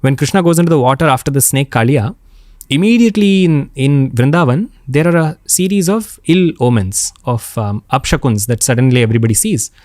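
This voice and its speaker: A man, speaking as a podcast guest. He tells spiritual stories earnestly and expressively, pausing and repeating words for emphasis. His voice sits at an ordinary middle pitch, close to the mic in a dry, dead room. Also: lively intonation, darkish tone, dry recording. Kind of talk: spiritual storytelling.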